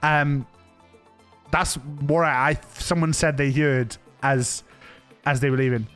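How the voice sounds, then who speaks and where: A man with a fairly high voice chats casually on a live stream, spinning anecdotes that ramble and restart. He laughs often and keeps it loose. Faint music plays beneath him. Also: steady tone, takes it slowly, fairly bright tone, smooth.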